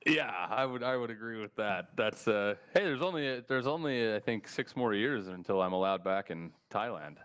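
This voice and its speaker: A man's voice: on the low side, normal speed, hardly any pauses, clean tone, lo-fi sound. A man with an American accent telling a travel story in casual, profane podcast chat and acting out the dialogue. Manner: animated, swearing, acts out dialogue.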